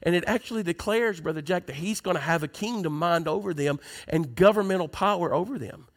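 High-voiced preacher. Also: male voice, fairly quick. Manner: builds from conversational teaching to loud, emphatic preaching. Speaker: pastor. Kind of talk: sermon.

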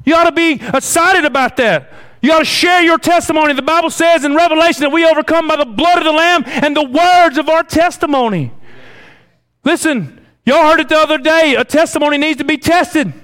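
A man's voice: very high voice, fairly quick, fairly bright tone. A man preaching a fervent sermon, exhorting the congregation and calling for amens.

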